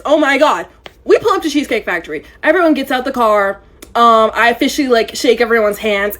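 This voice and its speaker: A woman recounts a wild date in a storytime vlog. Her voice is high and strikingly lively, leaping up and down as she dramatizes each moment, with an exasperated edge.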